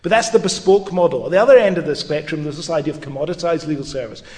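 A man's voice: a little high, fast talker, darkish tone. A middle-aged man, a law professor, giving a public lecture with wry, dry humour and occasional restarts. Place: lecture hall with audience. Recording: long reverb of a lecture hall.

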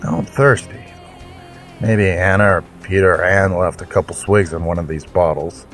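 Male podcast host, lowish voice, theatrical and jokey, faint music under him. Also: steady tone, moderate pace, a bit bright. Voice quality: theatrical, jokey, mock-grand self-introduction. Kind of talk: playful scripted intro with mock fantasy banter.

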